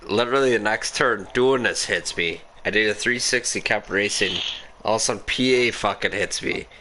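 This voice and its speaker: A man's voice: on the low side, normal speed, sharp tone, a little hiss or hum. A man with an Upper Midwest American accent, telling rambling gaming stories in casual chat, swearing and laughing a lot. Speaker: gaming podcast host.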